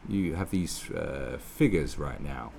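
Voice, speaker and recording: A man's voice: very deep voice, animated, slow, vocal fry, darkish tone, slight background noise. A man giving a sweary, sarcastic, rambling political rant with many restarts. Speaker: political commentator. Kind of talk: ranting monologue.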